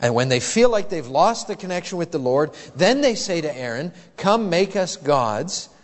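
A man preaching a sermon from the pulpit in a church, measured and emphatic, with deliberate pauses. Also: on the high side, sing-song. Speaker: pastor. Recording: hall reverb in a church.

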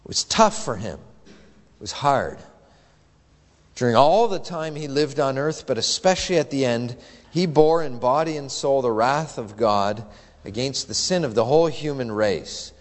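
Emphatic preacher with a lively voice. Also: male voice, mid-range voice, measured pace, big-room sound. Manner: earnest, emphatic preaching with rhetorical questions. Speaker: pastor. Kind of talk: sermon.

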